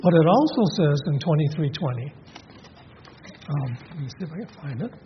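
A man's voice: fairly high pitch, animated, normal speed, noisy background. A man preaching a sermon in a conversational way, asking his listeners questions and often restarting with fillers. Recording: dull audio in a reverberant hall.

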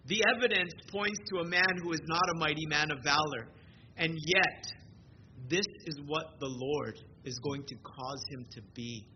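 High-voiced male preacher, lo-fi. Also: moderate pace. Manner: earnest, conversational preaching with frequent word repeats. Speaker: pastor. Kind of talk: sermon. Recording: dull lo-fi recording with steady background noise.

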